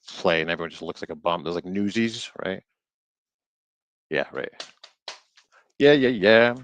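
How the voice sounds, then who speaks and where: Low-voiced man riffing while reading aloud. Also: fairly bright tone, no echo. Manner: reads aloud haltingly, stumbling over words and riffing jokingly. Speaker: streamer reading an old book. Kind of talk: casual live-stream book reading with commentary.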